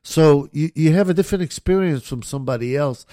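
A man's voice: fairly high pitch, fairly quick, warm tone, dry recording, clean studio sound. Man in casual chat, short replies. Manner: listens with short replies, swears, laughs.

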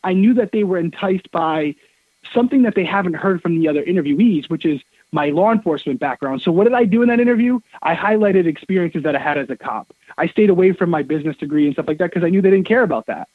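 A man in his thirties appears as a guest on an interview show, telling lively stories emphatically and repeating words, in a casual conversational way. His voice is high, fast, and slightly rough, coming through a dry phone line.

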